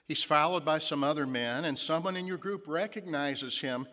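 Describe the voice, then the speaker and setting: A pastor with a voice on the high side preaches a sermon at normal speed, his delivery pushed and bright. The long reverb of a large hall surrounds him as he muses with fillers and vividly retells a story in the second person.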